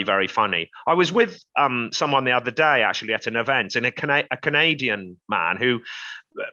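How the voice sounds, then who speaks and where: A man's voice: medium pitch, pushed and bright, highs cut off. A man from England, a farmer and TV presenter, talking upbeat and enthusiastic in an interview. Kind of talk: casual interview talk.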